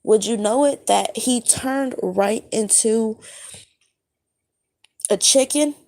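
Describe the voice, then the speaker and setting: Woman, fresh out of bed, recounting a dream, searching for words, slow, gravelly fry. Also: fairly high pitch, a little mellow. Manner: halting, searching for words, many fillers. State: just woken up. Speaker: spiritual vlogger. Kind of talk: casual monologue recounting a dream.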